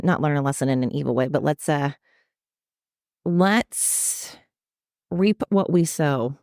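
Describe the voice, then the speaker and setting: A woman's voice: deep voice, slow pace, long pauses, darkish tone, no echo, studio quality. A woman hosting a solo podcast, ranting with opinionated, sarcastic asides and free swearing. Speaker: podcast host. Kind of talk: casual solo podcast monologue.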